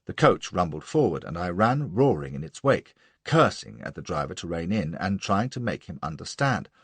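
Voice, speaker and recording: A man's voice: sits low, big pitch swings, normal speed, husky, dry recording. A man narrating a novel in the first person with a brash, boastful manner. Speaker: audiobook narrator.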